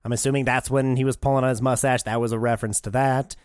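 A man co-hosting a podcast with an easy, mid-pitched voice. He asks questions, agrees readily, and talks eagerly about the little references he spotted. The recording is dry and close. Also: flat delivery, fast talker, clean tone, dry recording. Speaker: podcast co-host. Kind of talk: casual chat.

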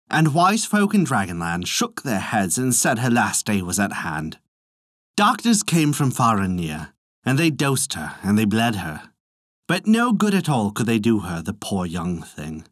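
A man narrating a folk tale as the storyteller and host of a podcast, in a lively, expressive way. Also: medium pitch, no echo, studio quality.

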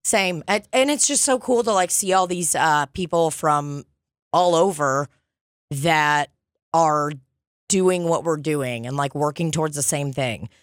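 A woman comedian chatting casually on a podcast, telling profane, animated stories. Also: deep voice, measured pace, no echo, studio quality.

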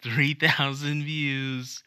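Man doing a bragging politician impression, drawn-out and emphatic, punchy, dry. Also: medium pitch, level tone, bright, forceful tone, clear, resonant tone, no echo, pitched above the performer's own voice, heavily acted. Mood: boastful. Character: brash, boastful male politician impression.

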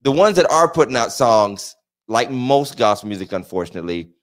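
A man co-hosting a casual podcast conversation, joking and animated, often breaking into laughter. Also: medium pitch, brisk. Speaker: podcast co-host. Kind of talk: casual chat.

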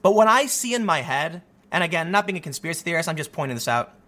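A man talking through a casual commentary monologue, animated and often restarting his sentences. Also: a little high, fast. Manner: animated, repeats himself, many restarts. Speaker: commentary host.

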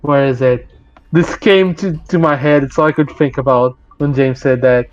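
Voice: medium pitch, normal speed, muffled recording, faint music behind. A player in a tabletop game, talking bluntly and swearing in casual chat.

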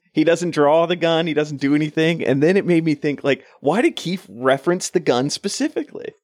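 A man's voice: fairly high pitch, expressive, normal speed, no echo, clean studio sound. A man co-hosting a casual book podcast, chatty and laughing often as he talks through a chapter. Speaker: podcast co-host. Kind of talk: casual book-club chat.

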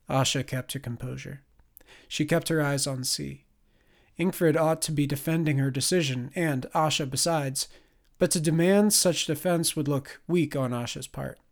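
A man reading a science fiction audiobook as narrator, in a measured, expressive way. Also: on the high side. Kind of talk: scripted narration.

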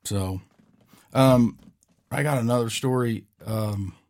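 A man's voice: mid-range voice, takes it slowly, darkish tone. A man hosting a podcast, telling a story in a rambling, casual way and often checking in with "right?". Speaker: podcast host.

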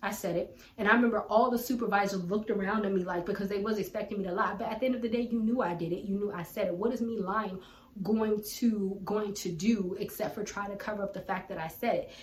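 A woman's voice: mid-range voice, fairly even intonation, quick pace. A woman giving a casual Bible teaching, talking in an earnest, colloquial, conversational way. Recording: roomy echo, distant from mic, faint background hum.

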